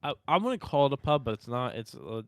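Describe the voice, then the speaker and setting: A young man co-hosts a casual podcast chat in a relaxed, rambling way, swearing freely. His voice is smooth and clear, and it sits in a dry, close-sounding room. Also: medium pitch, fast, no echo. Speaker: podcast co-host.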